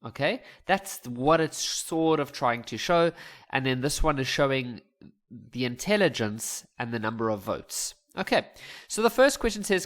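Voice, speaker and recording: A man talking through a maths exam paper in a relaxed, chatty way, thinking aloud and adding jokes. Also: on the high side, measured pace. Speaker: maths teacher. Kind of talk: casual explanatory lesson voice-over.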